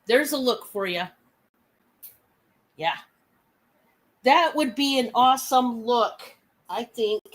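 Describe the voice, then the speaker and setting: A hoarse woman with a cold, her voice deepened, chatting and gushing as she hosts a live sale. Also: lively intonation, slow pace, pauses often. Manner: chatty, laughing, gushing over items. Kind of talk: casual live selling chat.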